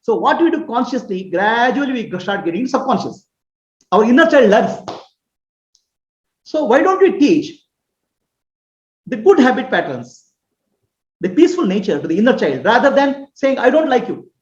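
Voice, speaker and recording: A woman giving a spiritual teaching, explaining patiently and often pausing to ask whether listeners follow. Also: on the high side, sing-song. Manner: earnest, explanatory, often checks understanding with questions. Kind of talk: spoken teaching on self-acceptance. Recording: roomy, slightly dull recording.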